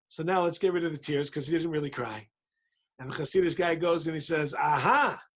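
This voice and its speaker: Animated husky man giving a Torah talk. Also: a little high, fast talker. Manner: playful, acts out voices in his story, emphatic. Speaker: rabbi giving a daily talk. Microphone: video call.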